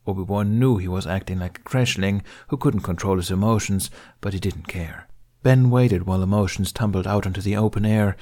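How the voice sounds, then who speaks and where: Male narrator, low voice, steady even read for a fan fiction audiobook. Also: a little fast.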